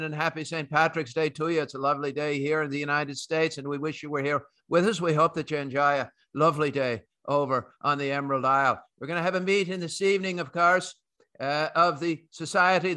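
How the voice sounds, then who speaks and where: A podcast host putting on a light Irish brogue in a playful, folksy greeting. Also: male voice, on the high side, fairly even intonation, brisk, sharp tone. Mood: jovial.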